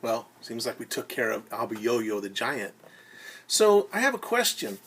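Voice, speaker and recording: A young man teaching children, musing aloud with gentle questions during story time. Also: medium pitch, very animated, moderate pace, husky.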